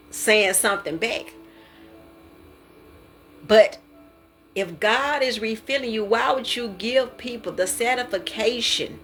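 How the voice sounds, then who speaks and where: A woman preaching in a relaxed, conversational way, earnest and repetitive as she testifies. Her voice sits at an ordinary pitch for a woman. Soft music plays faintly underneath. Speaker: devotional speaker. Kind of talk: informal preaching.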